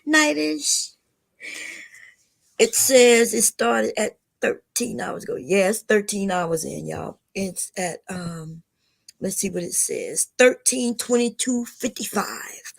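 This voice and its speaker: A woman's voice: mid-range voice, vocal fry. An older woman hosting a casual livestream, talking bluntly and lecturing her viewers, often calling them y'all. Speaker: livestream host.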